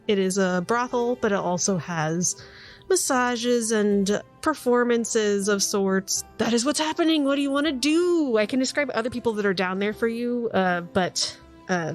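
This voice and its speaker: A woman game master describing scenes in a tabletop game, in a relaxed, descriptive way. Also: medium pitch. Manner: descriptive, relaxed, lots of "like" and "kind of".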